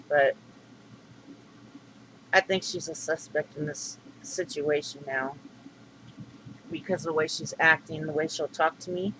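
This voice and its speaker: A man's voice: fairly high pitch, fairly even intonation, a little slow, pauses often, pushed and bright, a little hiss or hum, low-quality recording. A middle-aged man venting to camera in a rambling, aggrieved vlog monologue full of fillers and restarts. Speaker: vlogger.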